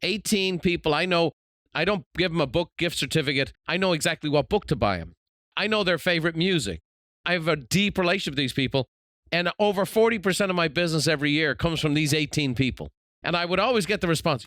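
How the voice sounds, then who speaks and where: A man's voice: on the high side, expressive, quick pace, fairly bright tone, no echo. A man in his fifties hosting an interview, speaking in an earnest, reflective way. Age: 50s. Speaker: podcast host. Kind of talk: conversational interview.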